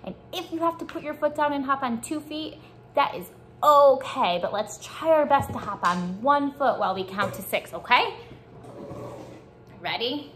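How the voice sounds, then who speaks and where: A woman teaching young children a morning lesson, speaking slowly and encouraging them to repeat after her. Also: high voice, expressive, fairly bright tone, faint music behind. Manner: slow, encouraging call-and-response teaching. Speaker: preschool teacher.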